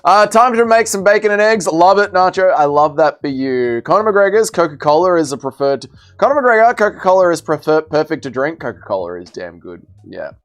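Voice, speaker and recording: Lively man hosting a livestream. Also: on the high side, brisk, few pauses, soft background music. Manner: bantering, reads and answers chat messages aloud. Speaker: livestream host. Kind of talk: casual live chat reading viewer messages.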